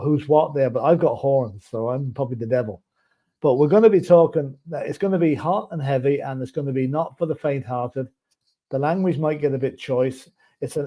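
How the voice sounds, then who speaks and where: Mellow, easygoing man on a stream. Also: medium pitch. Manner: easygoing, outspoken, stumbles on words. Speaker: co-host. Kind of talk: casual live-stream chat. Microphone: remote stream call.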